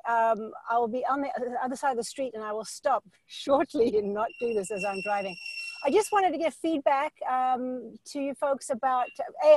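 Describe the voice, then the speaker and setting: Rich: A woman with a South African accent chats from her car on a video call, rambling a little as she speaks. Her voice is fairly high and dry. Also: darkish tone, no room sound, poor audio. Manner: chatty and rambling. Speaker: webinar student. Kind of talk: casual chat.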